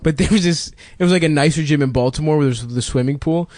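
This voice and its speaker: Dude telling a swear-heavy funny story, kinda high voice, dry close mic. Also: male voice, fast talker, darkish tone, dry recording. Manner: profane, laughing, jumps high for quoted voices. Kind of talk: casual comedic storytelling.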